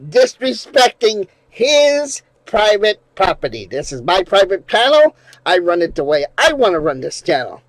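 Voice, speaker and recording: A man live streaming in casual chat, rambling and swearing, going from mumbles to loud rants. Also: sits high, sing-song, moderate pace, no room sound, low-quality recording. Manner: rambling, profane, shifts from mumbling to loud ranting.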